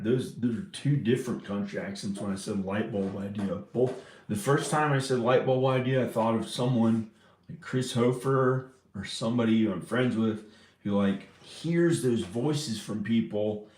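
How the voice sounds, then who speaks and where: In a slightly mellow voice on the low side, a man rambles through a casual vlog at a moderate pace, losing his thread mid-thought and beginning again. There's a little hiss or hum, and the house lends a roomy echo.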